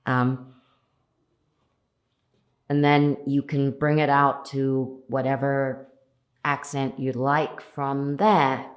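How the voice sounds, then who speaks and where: A woman's voice: extremely low pitch, flat delivery, very slow, pauses often. A South African actress in an interview, answering earnestly and reflectively and building her points through lists of repeated phrases. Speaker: lead actress, interview guest.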